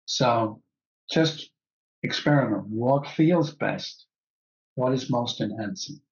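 A man teaching a breathwork class, calmly guiding the breath and repeating key phrases. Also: medium pitch, slow pace, muffled recording.

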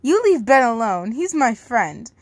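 A woman's voice: fairly high pitch, big pitch swings, a little slow, no room sound. A woman voicing a frightened young woman held captive in a fan fiction read aloud, pleading and panicked. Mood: frightened defiant.

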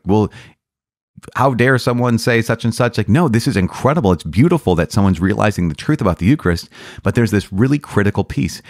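A man, a priest, explaining the Catechism in an earnest, enthusiastic way, often restarting phrases and laughing softly. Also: deep voice, no echo, clean studio sound. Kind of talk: podcast teaching.

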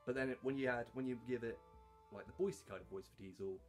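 A man talking casually about his hobby voice work, halting, with lots of fillers and restarts. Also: mid-range voice, soft background music. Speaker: hobby voice actor. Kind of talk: casual talk to camera.

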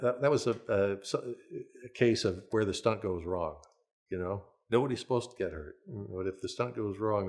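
Deep-voiced older man telling stunt stories. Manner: relaxed anecdotal, frequent restarts and chuckles. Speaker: veteran stunt performer and coordinator. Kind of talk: interview storytelling.

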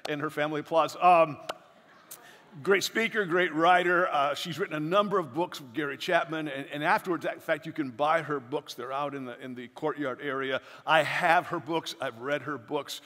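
Man, pastor, church announcements, informal, restarts, bright voice, reverberant church hall. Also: fairly high pitch, moderate pace. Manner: informal, repeats words, stammering restarts. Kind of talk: church announcements and speaker introduction. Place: church sanctuary.

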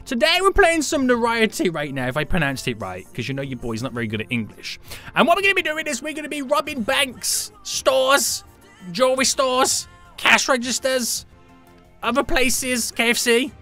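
A young man hosts a live game stream with hyped, joking energy. His pitch swings widely from phrase to phrase, and his tone is bright and forceful. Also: moderate pace, soft background music. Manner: hyped, jokey, animated, greets chat members.

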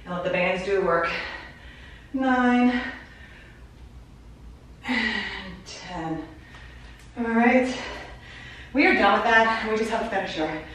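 Fitness instructor, woman, slow-paced rep counting, breathless, heard from across a very echoey room. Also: mid-range voice, fairly bright tone. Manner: counts reps aloud while exercising, short cues. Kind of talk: workout instruction. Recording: very echoey room, voice far from mic, faint noise.

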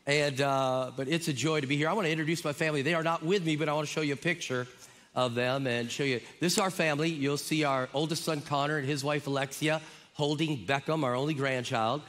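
A middle-aged male guest preacher from Minnesota with a bright, ringing tone, pitched a little high, joking warmly with the congregation. His voice carries a long hall reverb. A crowd can be faintly heard in the room. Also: steady tone, fast. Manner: enthusiastic, joking, warm with the crowd. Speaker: guest pastor. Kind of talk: sermon. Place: large church auditorium. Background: congregation audible.

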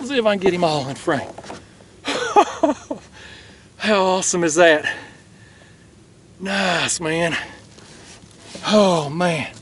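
A man's voice: high voice, slight background noise. A man hosting a fishing vlog from his kayak, exclaiming and out of breath. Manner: excitable, exclaiming, drawn-out words. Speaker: fishing channel host. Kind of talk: excited outdoor vlog. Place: kayak on a lake outdoors.

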